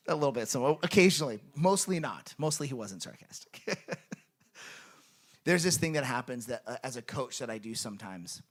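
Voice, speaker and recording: A man's voice: mid-range voice, expressive, moderate pace. A man preaching a sermon in a church in an earnest, conversational way, with lots of fillers. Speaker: pastor. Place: church sanctuary.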